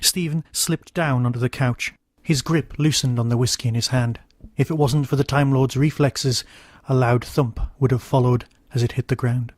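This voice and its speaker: A man, the host of a podcast, narrating a short story in a measured, steady reading. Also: mid-range voice, no echo, clean studio sound.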